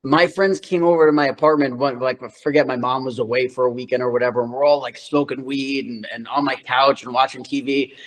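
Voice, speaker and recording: This mid-range male voice stays steady and brisk with few pauses, captured on a rough recording. The speaker, a New York actor in his thirties, is a casual interview guest telling slangy, loose stories heavy on filler words like "like."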